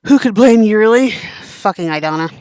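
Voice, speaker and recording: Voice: medium pitch, expressive, a little fast, a little mellow, clean tone, no room sound, lightly acted. A streamer voicing a brash, bossy witch sister. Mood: scolding. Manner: bossy, swearing.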